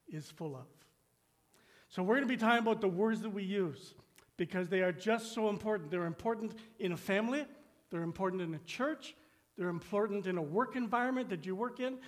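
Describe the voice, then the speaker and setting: High-voiced man preaching a sermon. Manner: slows down and drops to a hush on key phrases; acts out complaining voices with rising pitch. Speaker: pastor.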